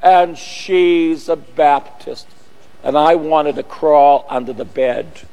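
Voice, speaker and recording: A man's voice: on the high side, steady tone, slow, dark tone, in a large hall. A Catholic priest, telling a personal story on his radio program in a chatty, rambling way. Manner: chatty, rambling, searches for words mid-story. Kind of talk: storytelling testimony on a radio broadcast.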